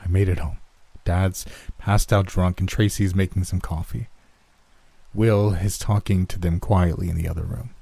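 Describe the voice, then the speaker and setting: A man reading a horror story aloud in the first person, in a hushed, anxious telling. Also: low-pitched, steady tone, moderate pace, creaky, dry recording. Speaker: narrator. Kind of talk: scripted horror story narration.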